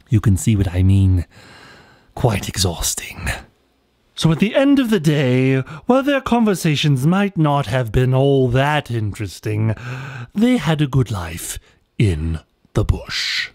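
A man narrates a children's cartoon story in a playful, whimsical way. His pitch swings very widely from line to line. The voice is recorded dry and close. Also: very animated, unhurried, a little mellow, no room sound.

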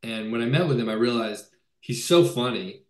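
Enthusiastic director, roomy echo. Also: male voice, mid-range voice, normal speed, darkish tone. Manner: enthusiastic, rambling with many fillers and restarts. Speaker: film director. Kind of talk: casual video-call interview.

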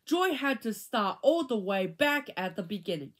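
A woman reading a children's chapter book aloud, with an expressive, animated delivery. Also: medium pitch, moderate pace. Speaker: reader.

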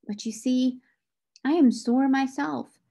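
A woman reading the part of John, a stable groom who is upset and stern, her pitch rising when he grows indignant. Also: slow, creaky, warm tone, heavily acted. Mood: sorrowful.

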